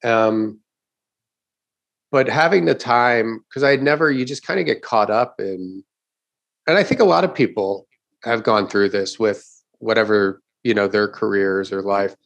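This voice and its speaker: A man's voice: lowish voice, measured pace, creaky, dull audio. A middle-aged man, a stand-up comedian, telling a story in casual chat, swearing often and acting out the crowd's reactions.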